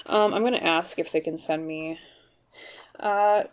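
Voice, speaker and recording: A woman with a lowish voice talks through a pick-a-card tarot reading to camera. Her delivery is hesitant and careful, with plenty of ums and restarts as she weighs each word. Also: steady tone, measured pace, clear, resonant tone. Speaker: tarot reader.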